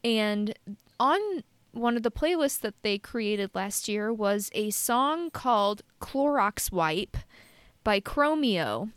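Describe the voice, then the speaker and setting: A woman's voice: mid-range voice, animated, slow pace, clear, resonant tone, no room sound. A young woman co-hosting a podcast, telling stories in a rambling, self-deprecating way. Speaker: podcast co-host. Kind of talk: casual chat.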